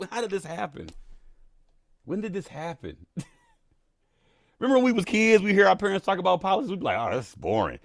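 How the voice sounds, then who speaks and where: A man in his thirties hosts a casual livestream, his pitch swinging widely as he laughs and reacts to chat. His voice sits a little high for a man and is picked up dry and close. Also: creaky, no room sound. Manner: animated, laughing often, reads chat aloud. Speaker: livestream host.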